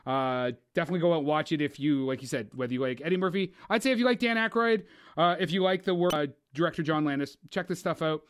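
A man's voice: on the high side, fast talker, smooth. A man co-hosting a casual movie podcast, rambling and cursing, often restarting his sentences. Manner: rambling, swears a lot, stumbles and restarts. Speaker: podcast co-host.

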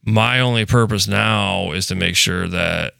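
A man with a low, gravelly voice tells rambling, profanity-laced stories from his diving days. His tone is bright and crisp over a dry studio sound. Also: unhurried, dry recording. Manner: profane, storytelling, laid-back. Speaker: guest, commercial diver. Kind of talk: casual podcast chat.

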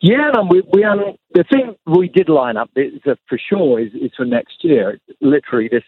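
A man calling in as a guest, chatting in a relaxed, rambling way with many fillers. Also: on the high side, moderate pace, breathy edge, dry recording. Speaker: guest guitarist. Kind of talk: casual interview chat. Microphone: phone call. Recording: tinny phone line.

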